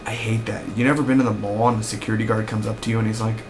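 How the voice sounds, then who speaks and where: A man's voice: lowish voice, little pitch movement, very fast, background noise. A young man reviewing a TV episode in a casual recap, rambling and ranting with lots of fillers and restarts.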